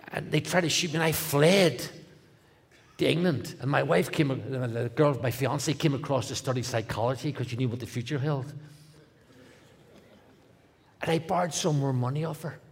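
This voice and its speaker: A middle-aged man with a Northern Irish accent, a guest speaker telling his testimony in a comic, animated way, dropping to a hush and rising loud. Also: medium pitch, normal speed, vocal fry, pauses often, slightly rough. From Northern Ireland. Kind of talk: testimony storytelling.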